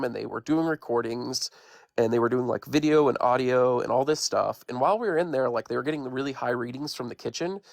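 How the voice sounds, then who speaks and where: A man with a gravelly, creaky voice tells a ghost story as a guest on a live stream. He talks in a loose, rambling, conversational way. The sound is dry and close. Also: medium pitch, no echo. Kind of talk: casual spoken ghost story.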